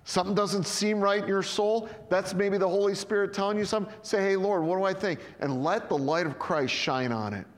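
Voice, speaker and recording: A man's voice: high voice, fairly quick, hardly any pauses. Man preaching in an echoing hall. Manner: conversational preaching that acts out the Bible scenes in quoted voices. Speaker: pastor. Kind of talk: sermon.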